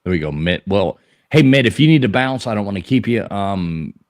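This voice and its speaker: A man's voice: fairly low pitch, animated, fairly quick, no room sound, studio quality. Chatty man hosting a live chat. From American South. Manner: loose, chatty, swears casually, trails off and restarts. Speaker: host. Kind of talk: casual livestream chat.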